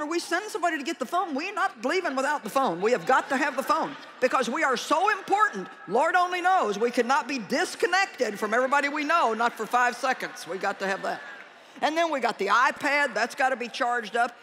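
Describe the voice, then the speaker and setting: A woman preaching a conference sermon in a large hall, animated and joking, and she calls out her key lines loudly. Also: high-pitched, a little hiss or hum.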